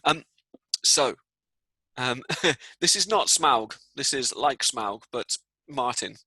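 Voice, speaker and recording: A man telling a story to children in a live lesson, playful and animated, dropping to a hush for the tense parts. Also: mid-range voice, slow, husky, dry recording, rough recording. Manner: playful, animated storyteller who drops to hushed tones. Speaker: teacher reading out children's comments.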